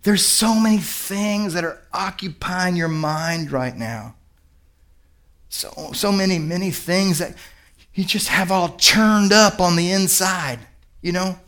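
A man voicing a calm, kindly man who gently soothes a worried friend in a hushed voice. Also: on the high side, moderate pace, few pauses, close to an everyday voice. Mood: soothing. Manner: soft, gentle, hushed reassurance.

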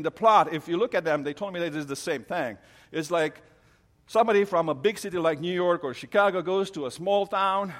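Preacher in a reverberant hall. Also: male voice, a little high. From Romania. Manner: earnest storytelling with frequent restarts. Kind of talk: sermon on a Bible story.

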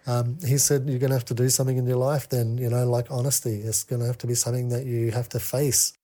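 A man telling a candid personal story as a podcast guest, halting with many fillers and restarts. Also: medium pitch, flat delivery, dark tone.

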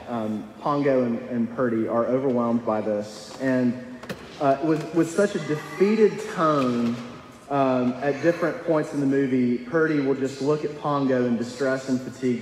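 A man's voice: mid-range voice, darkish tone. A young man preaching a sermon as pastor, earnest and conversational, with frequent fillers and restarts. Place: church sanctuary. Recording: echoey hall, faint room noise.

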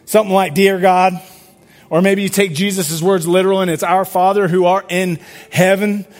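Male pastor, high voice, casual sermon delivery with lots of questions to the congregation. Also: little pitch movement, brisk, faint music behind. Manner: conversational, asks the crowd questions, repeats words.

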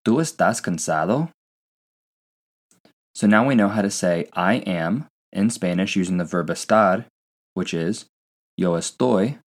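A man with a low voice hosts a beginner Spanish lesson. He reads from a script in a clear teaching tone and slows right down whenever he models an example phrase so learners can follow.

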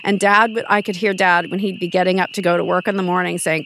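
A woman's voice: fairly low pitch, fast, hardly any pauses, a bit bright, a little hiss or hum, poor audio. A middle-aged woman, a podcast guest, telling personal family stories in a casual, emotional way, with frequent restarts. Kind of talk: casual conversational storytelling.

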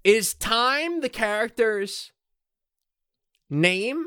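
Guy on a podcast, bright voice, dry close sound, mock outrage. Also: high voice, animated, drawn-out words, smooth, no echo. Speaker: podcast co-host. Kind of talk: casual comedic banter.

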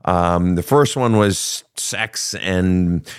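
A man with a very deep voice hosts a counseling podcast. He talks to his caller in an earnest, frank way and lets a curse slip now and then. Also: very slow, clean tone. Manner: frank, earnest, profane at times. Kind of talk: counseling call-in talk.

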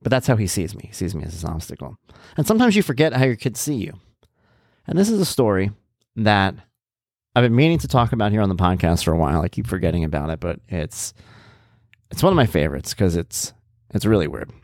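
A man in his thirties talks casually on his podcast. He jumps into a much higher voice whenever he replays his own lines. The sound is close and dry, with no room around him. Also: fast, no echo. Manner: animated, jumps to a high voice when quoting himself. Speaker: podcast host. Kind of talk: casual storytelling monologue.

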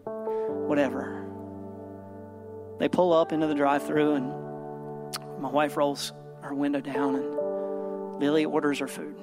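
Slow and level, with long pauses, a slightly high-voiced pastor in his thirties gives an earnest sermon at a church service. He makes his point through a story while soft music plays in the background.

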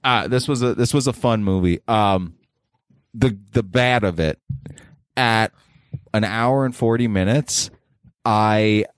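Low-voiced man recapping a movie. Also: slow, long pauses, clear, resonant tone, dry recording, clean studio sound. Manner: recaps the plot, agrees readily. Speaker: podcast co-host. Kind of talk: casual movie-review chat.

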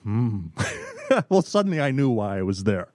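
A middle-aged man, a business consultant, telling stories in an emphatic talk, pausing often and repeating words. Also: mid-range voice, sing-song, a little mellow, no echo. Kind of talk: storytelling talk.

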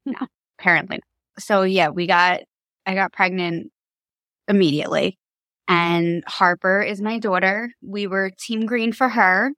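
A woman's voice: medium pitch, steady tone, unhurried, a bit bright, dry recording. A woman in her thirties from Long Island, New York, a podcast guest telling her family story in a candid, chatty way and laughing easily. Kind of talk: casual storytelling.

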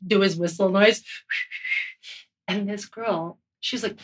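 A woman, a snowboard instructor, telling lively, laughing anecdotes about a coworker in an interview. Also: medium pitch, measured pace, far from the mic. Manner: animated, laughing storyteller.

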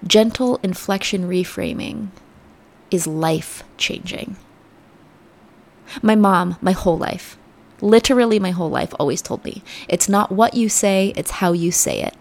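A woman with a gravelly, vocal-fried edge to her mid-pitched voice hosts a motivational self-help podcast. She speaks earnestly and reflectively, often sinking into soft, near-whispered phrases. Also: measured pace. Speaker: podcast host.

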